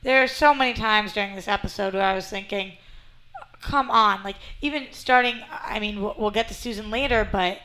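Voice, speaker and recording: A woman's voice: medium pitch, normal speed, pushed and bright, poor audio. A young woman co-hosting a casual TV recap chat, chatty and fond of rhetorical questions. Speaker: podcast co-host.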